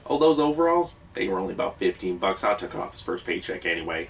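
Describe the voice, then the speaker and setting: An actor playing a self-important small-time oil boss in a mockumentary comedy, folksy and boastful with a drawl. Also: male voice, low-pitched, sing-song, quick pace, creaky, exaggerated voice. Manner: folksy, boastful, easily flustered. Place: cramped old camper. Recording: distant mic, noisy background.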